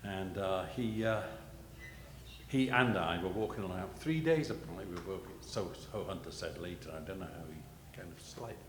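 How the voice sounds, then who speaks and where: An older man telling a rambling, self-deprecating story at a gallery panel, halting with many restarts. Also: deep voice. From England. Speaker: panel guest, illustrator. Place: gallery panel before an audience. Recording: echoey gallery hall, noisy.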